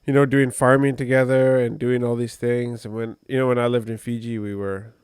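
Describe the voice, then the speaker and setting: A man's voice: mid-range voice, flat delivery, brisk, a little mellow, clean tone, dry recording, clean studio sound. A man co-hosting a podcast, telling a personal story in a rambling, conversational way with many fillers. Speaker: podcast co-host. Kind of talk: casual podcast chat.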